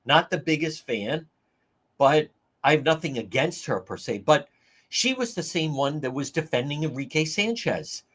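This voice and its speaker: A man's voice: on the high side, animated, normal speed, a bit bright. A man hosting a livestream talk show, ranting incredulously through opinionated news commentary and addressing viewers as folks.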